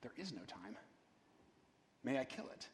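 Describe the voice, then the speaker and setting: A man voicing a calm, insistent male angel, read aloud in a sermon. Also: medium pitch, unhurried, voice pushed down. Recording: long reverb of a large hall.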